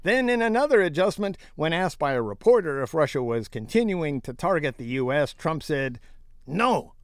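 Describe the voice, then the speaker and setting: Man, wry news co-host, lively swooping pitch, fairly high voice, dry close sound. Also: brisk, no echo. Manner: wry, mocking, laughs often. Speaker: co-host reading news stories. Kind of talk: casual comedic news chat.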